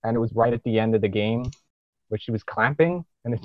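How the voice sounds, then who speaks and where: A man's voice: mid-range voice, a little fast, no echo, phone-quality sound. A man sharing earnest, enthusiastic opinions in a casual podcast chat.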